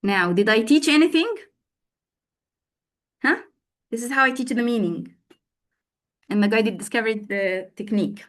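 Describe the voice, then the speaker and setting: A woman's voice: fairly high pitch, moderate pace, pauses often, a bit bright. A woman training teachers in an online class, prompting participants and repeating words for emphasis. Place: online video call.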